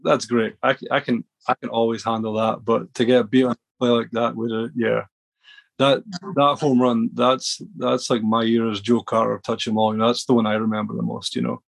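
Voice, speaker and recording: A man's voice: mid-range voice, flat delivery, moderate pace, gravelly. A man from Scotland, a podcast guest telling rambling stories with many restarts. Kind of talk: casual storytelling.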